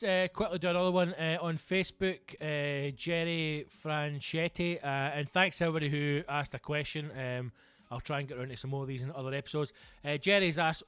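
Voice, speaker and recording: A man's voice: on the high side, fairly bright tone, clean tone, no room sound. A Scottish man hosting a podcast alone, rambling through casual comedic chat with lots of swearing and jokes. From Scotland. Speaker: podcast host.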